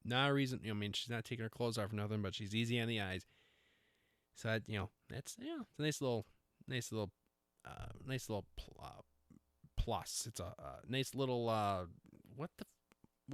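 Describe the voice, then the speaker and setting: A man's voice: medium pitch, a bit bright, smooth, no echo, studio quality. A middle-aged man hosting a podcast, talking in a rambling, self-interrupting, jokey way. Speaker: podcast host. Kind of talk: casual rambling monologue.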